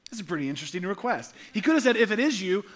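A man preaching a sermon as pastor, animated, with humorous asides, his delivery swinging between loud emphasis and hushed softness. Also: high voice, rapid-fire, a little hiss or hum. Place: church sanctuary.

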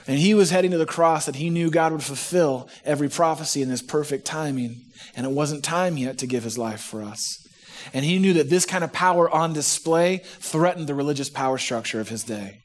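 A man's voice: on the high side, moderate pace. A man preaching a sermon in a conversational, humorous way, acting out the quotes he reads. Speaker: pastor.

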